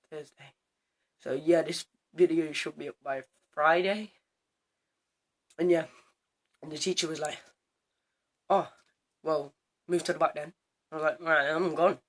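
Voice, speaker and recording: A teenage boy telling a story to camera in a casual vlog, animated and swearing, acting out both sides of an argument. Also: on the high side, measured pace, pauses often. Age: teens. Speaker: student vlogger.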